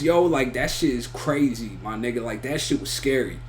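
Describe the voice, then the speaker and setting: A man's voice: medium pitch, moderate pace, slight background noise. A man giving a casual, rambling spoken review of an anime, full of slang and repeated "you feel me" and "bro". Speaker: anime reaction YouTuber.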